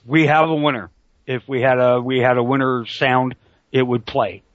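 A middle-aged man's medium-pitched voice stays fairly even in intonation at a normal speed, with no echo. He hosts an online talk radio show, rambling through casual, crudely joking banter, and his computer call mic produces dull lo-fi call audio.

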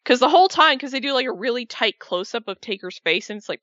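Gushing, animated woman fan. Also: on the high side, quick pace, dry recording. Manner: emotional, animated, swearing. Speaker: wrestling podcast co-host. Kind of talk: casual fan chat. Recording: dull lo-fi sound.

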